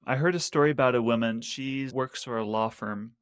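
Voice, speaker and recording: A male podcast host with a middle-pitched voice tells stories at an easy, relaxed pace. He keeps nudging the conversation along with quick agreements. His voice is recorded close and dry. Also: smooth, no echo. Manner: relaxed storyteller, backs the guest with frequent "uh-huh"s.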